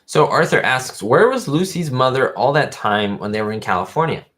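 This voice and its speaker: A man's voice: medium pitch, animated, normal speed, a bit bright. A man hosting his own livestream, talking casually and a bit rambling, with plenty of fillers. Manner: rambling, fan-like, lots of fillers. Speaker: YouTube host.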